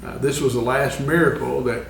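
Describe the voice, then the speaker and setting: A man teaching a Bible lesson in a church classroom, earnest and often pausing with fillers. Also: mid-range voice, fairly even intonation, vocal fry, a little hiss or hum. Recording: echoey room, far from the mic.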